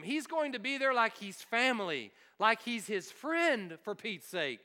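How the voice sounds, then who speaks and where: High-voiced preacher in a reverberant hall. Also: male voice, sing-song, unhurried, hardly any pauses, sharp tone. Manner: emphatic, asks the congregation questions. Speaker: pastor. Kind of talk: sermon.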